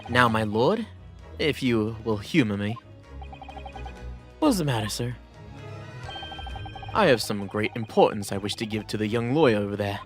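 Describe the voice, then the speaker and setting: A man's voice: on the low side, lively intonation, normal speed, pauses often, soft background music, lightly acted. A man voicing an eccentric, weary male detective, reading game dialogue with theatrical, old-fashioned formality. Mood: courteous.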